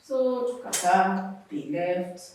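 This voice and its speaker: A young Kenyan woman tells her story in a warm, mellow voice, acting out what others said to her. She sits a little away from the mic, and the room rings with heavy echo. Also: medium pitch, slow. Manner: expressive, acts out quoted people. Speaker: guest mother sharing her story. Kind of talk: personal storytelling interview. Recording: echoey room, far from mic.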